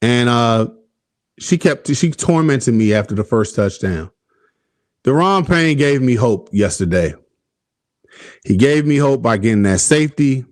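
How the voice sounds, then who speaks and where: A man's voice: medium pitch, expressive, unhurried, pauses often, dry recording, studio quality. A man hosting a casual sports talk show, ranting with heavy profanity and laughing at his own frustration. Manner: profane, exasperated, laughing at himself. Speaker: podcast host.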